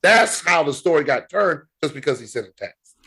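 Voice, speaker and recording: A man co-hosting a sports podcast, talking casually as an animated, emphatic storyteller. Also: a little high, moderate pace, breathy edge. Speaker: podcast co-host.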